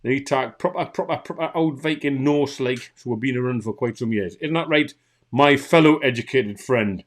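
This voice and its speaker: A man with a Geordie accent, co-hosting a live stream with loud, joking banter and mock scolding. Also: medium pitch, moderate pace.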